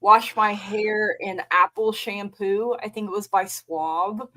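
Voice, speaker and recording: A woman guest in a casual chat, sharing personal anecdotes in a relaxed, talkative way. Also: medium pitch, takes it slowly, rough recording. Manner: chatty, tells personal anecdotes.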